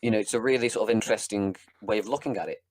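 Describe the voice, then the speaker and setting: A man co-hosting a casual podcast review, talking bluntly and swearing freely, sometimes acting out scenes in quick voices. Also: on the low side. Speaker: podcast co-host. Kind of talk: casual chat, episode review.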